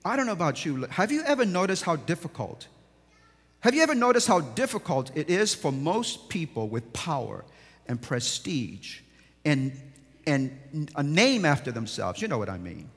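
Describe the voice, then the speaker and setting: Male pastor with a high voice, preaching from a reverberant sanctuary, moving from quiet to forceful. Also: very animated, normal speed, slightly rough. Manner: preaching with sweeping swings from hushed to emphatic. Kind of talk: sermon. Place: large church sanctuary. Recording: long church reverb.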